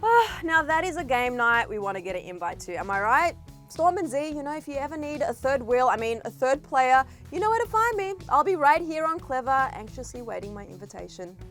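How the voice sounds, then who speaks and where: A woman's voice: high-pitched, sing-song, fairly bright tone, faint music behind. An Australian woman hosting an entertainment news show and interviewing film cast, bubbly and playful. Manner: bubbly, playful, quick to laugh. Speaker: entertainment reporter and host.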